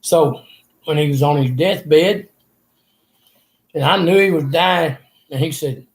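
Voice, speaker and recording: A man's voice: a little high, takes it slowly, long pauses. An older man, earnestly telling a rambling personal story in an interview. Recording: echoey room.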